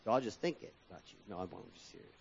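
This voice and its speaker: A man preaching a sermon as pastor, calling out to his congregation and swinging between pressing emphasis and quieter asides. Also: fairly low pitch, expressive, very fast, gravelly, lo-fi sound, slight background noise. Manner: preaching with rising and falling emphasis, addressing the congregation as folks.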